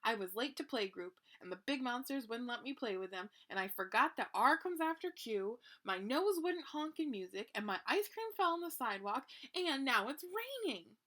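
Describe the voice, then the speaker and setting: A woman voicing a small excitable furry monster boy who pleads, whines and cheers in a higher voice. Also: normal speed, hardly any pauses, full character voice. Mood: upset.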